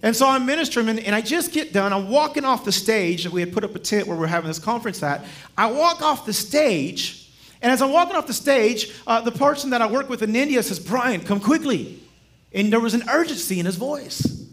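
A man as guest preacher, telling stories in a sermon in a lively, humorous way and chuckling as he speaks. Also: very high-pitched, brisk. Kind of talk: sermon with storytelling.

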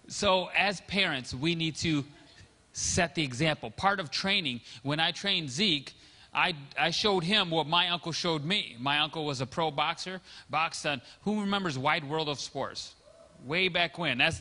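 A high-pitched, bright and forceful male pastor preaching a sermon, his voice ringing with long hall reverb. He talks in a casual storytelling way, acting out the lines of people in his anecdotes. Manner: conversational storytelling, acting out quoted dialogue.

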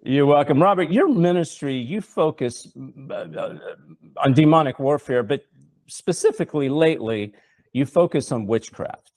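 A man's voice: on the high side, expressive, normal speed, darkish tone. A middle-aged man hosting a religious talk show, preaching fervently with rhetorical questions and repeated words. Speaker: host and preacher.

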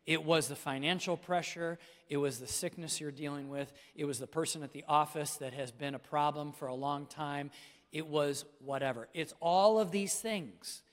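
A man's voice: on the high side, normal speed, long reverb tail. A middle-aged male pastor preaching a sermon with emphasis, speaking straight to his congregation. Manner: emphatic preaching, addresses listeners directly.

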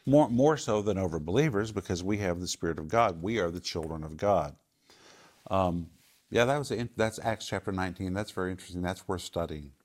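A man answering viewer questions on a faith talk show, explaining in a calm, confident teaching manner. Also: low-pitched, fairly quick. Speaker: Bible teacher.

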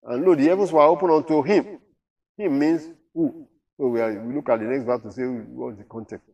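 A man's voice: medium pitch, fast, creaky, a little mellow, far from the mic, muffled recording. Man teaching scripture, slightly off-mic. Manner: reads scripture aloud then explains it with rhetorical questions. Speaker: Bible teacher. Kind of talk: Bible study teaching.

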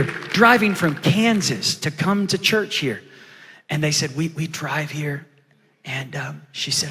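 Male pastor, fairly high, bright, forceful voice; sermon with hushed stories and shouted peaks, reverberant church hall. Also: moderate pace. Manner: swings from hushed storytelling to loud preaching.

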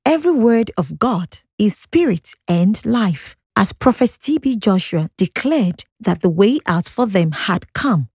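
Husky woman narrating a church video. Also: medium pitch, sing-song, unhurried, few pauses, a little mellow, no echo, studio quality. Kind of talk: scripted narration voice-over.

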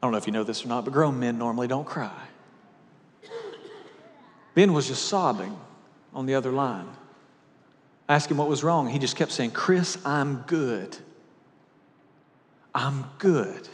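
A man preaching a sermon, swinging between loud emphatic peaks and hushed, low lines. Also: normal speed, pauses often, in a large hall. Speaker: pastor. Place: church sanctuary.

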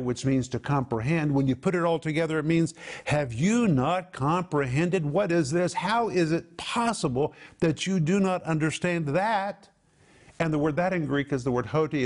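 A man's voice: on the high side, darkish tone. A man teaching the Bible on a program, emphatically explaining Greek and Hebrew words.

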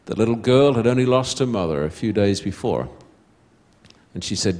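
A man preaching a sermon to a congregation, telling a story slowly and deliberately, dropping to a hushed voice at quiet moments. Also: on the low side, expressive.

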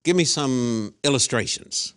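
A man, a pastor, hosting an interview in a measured way and posing rhetorical questions. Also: medium pitch, animated, fairly bright tone, smooth, no echo, clean studio sound.

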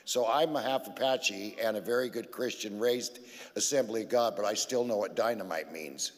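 A man's voice: fairly low pitch, normal speed, in a large hall. A man giving a personal testimony on a church stage, blunt and joking as he tells his side. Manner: blunt, joking, interjects into her story. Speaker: guest speaker telling his story.

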